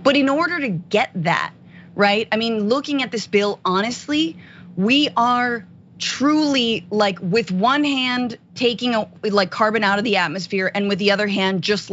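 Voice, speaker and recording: A woman co-hosting a political news commentary show, speaking in an animated, sardonic way with many fillers. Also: mid-range voice, unhurried, dull audio, slight background noise.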